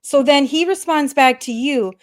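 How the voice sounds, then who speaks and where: A woman's voice: sits high, moderate pace. A woman co-hosting a casual podcast, reading comments aloud in a mocking voice and laughing often. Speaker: podcast co-host.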